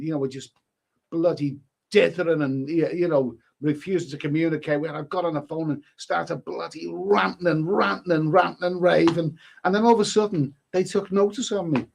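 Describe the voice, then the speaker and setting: A man's voice: a little high, fairly even intonation, fairly quick, creaky. A man hosting a casual live stream, reading viewer comments aloud and answering them with rambling, chuckling asides and many restarts.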